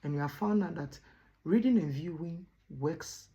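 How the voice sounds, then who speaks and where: A woman teacher giving a classroom lesson, stressing points by repeating words and pausing on "what?" for the class to finish her sentences. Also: low-pitched, warm tone. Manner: asks rhetorical "what?" prompts for the class to finish.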